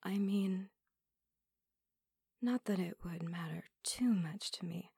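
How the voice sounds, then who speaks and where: Woman playing a flirty female android, whispered role-play, breathy, low voice, slow and unhurried. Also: warm tone, no room sound, clean studio sound, full character voice. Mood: teasing. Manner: teasing, playful, slow and intimate. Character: flirtatious teasing female android, new to feelings.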